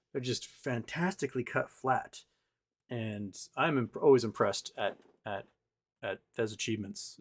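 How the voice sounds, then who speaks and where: A livestream host with a medium-pitched, slightly bright voice runs a casual stream. He rambles with lots of fillers and restarts while reading out viewer chat.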